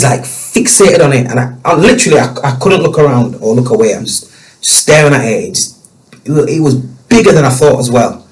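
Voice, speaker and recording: A man telling a personal story as a guest, emotional and halting, with many restarts. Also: mid-range voice, lively intonation, low-quality recording.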